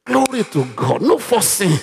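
Animated Nigerian pastor, lively pitch. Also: male voice, normal speed, creaky, a little hiss or hum. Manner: animated preaching with sudden loud rises. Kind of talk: sermon with Bible reading.

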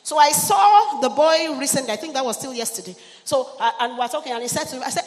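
A woman's voice: high voice, lively intonation, quick pace, few pauses. A middle-aged woman pastor preaching a sermon, exhorting her congregation and calling for amens and hallelujahs. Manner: exhorting, call-and-response with the congregation. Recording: long church hall reverb, faint ambient noise.

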